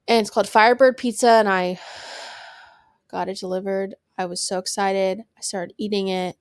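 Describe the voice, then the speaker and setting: A woman's voice: mid-range voice, steady tone, normal speed, smooth, no echo, clean studio sound. A young woman hosting a podcast, telling a personal story candidly with lots of fillers and some swearing. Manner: candid, swearing, filler-heavy, emotional at times. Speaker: podcast host.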